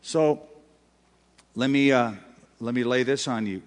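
A male pastor preaching a sermon, swinging between loud emphasis and quiet, drawn-out phrases. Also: medium pitch. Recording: long hall reverb.

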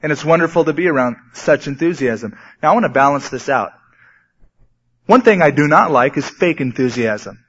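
A man's voice: a little high, normal speed, slightly rough. Man preaching in a dull, lo-fi recording. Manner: conversational preaching, sometimes animated. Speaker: pastor. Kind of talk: sermon.

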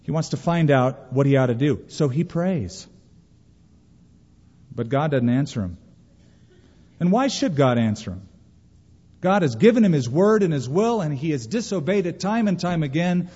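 A man's voice: fairly high pitch, lively intonation, normal speed, long pauses, mellow, husky. A man preaching a sermon as pastor, emphatic storytelling and quoting scripture. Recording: reverberant, dull lo-fi hall recording.

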